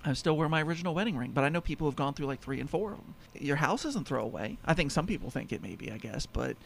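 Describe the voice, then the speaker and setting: A man's voice: fairly high pitch, animated, quick pace, vocal fry, a little hiss or hum. A man hosting a home-improvement talk show, telling stories in a rambling, casual way. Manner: rambling storyteller, lots of fillers. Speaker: home insulation business owner and show host. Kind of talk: casual radio chat.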